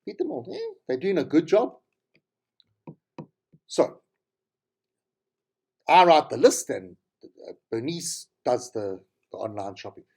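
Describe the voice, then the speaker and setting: A man's voice: medium pitch, very animated, slow, gravelly, pauses often, darkish tone, husky. A middle-aged man with a South African accent, telling rambling, tangential stories as a podcast host. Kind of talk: casual monologue.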